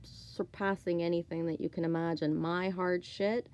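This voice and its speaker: A woman's voice: lowish voice, level tone, normal speed, darkish tone, rough recording. A woman, talking to camera in a candid, rambling, profane monologue, with faint music behind her. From Canada. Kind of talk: casual monologue.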